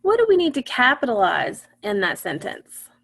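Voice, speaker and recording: A woman's voice: on the high side, wildly swooping pitch, normal speed, creaky, a bit bright. A woman teaching an online phonics lesson, patiently asking her class questions and then answering them herself.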